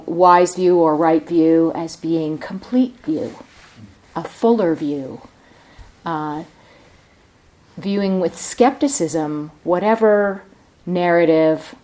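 A woman meditation teacher gives a morning dharma talk at a retreat center. Her voice sits a little low and she takes her time, letting each thought unfold unhurriedly. She sounds reflective, as if working the ideas out aloud. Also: darkish tone.

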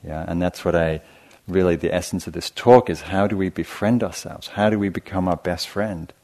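A man with a very deep voice gives a dharma talk at a meditation retreat. He speaks gently and reflectively, telling stories and often pausing to restart a phrase. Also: fairly even intonation. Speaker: meditation teacher.

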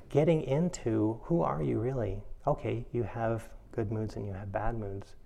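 A man's voice: mid-range voice, slow, gravelly. A man giving a reflective dharma talk as a meditation teacher. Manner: reflective, animated when telling a funny story.

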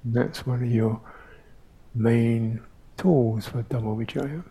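An older man giving a reflective dharma talk as a meditation teacher, pausing often and humming between thoughts. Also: mid-range voice, steady tone, husky, rough recording. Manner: slow, reflective, with pauses and soft hums.

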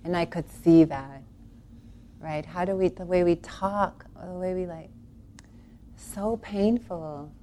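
A woman with a slightly low voice tells a personal spiritual story. She talks earnestly and with animation, wandering through restarts and breaking into laughs along the way. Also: slow, long pauses, dark tone, slight background noise. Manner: rambling, with many restarts.

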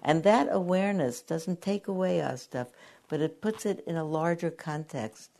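Older woman, very low voice, meditation teacher, gentle storytelling, frequent pauses. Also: vocal fry. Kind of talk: dharma talk. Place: meditation hall.

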